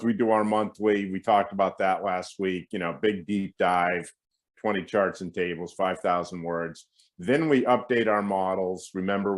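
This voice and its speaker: Chatty middle-aged man, low voice. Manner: chatty, animated, many fillers and asides. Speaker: guest market strategist. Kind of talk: casual finance interview.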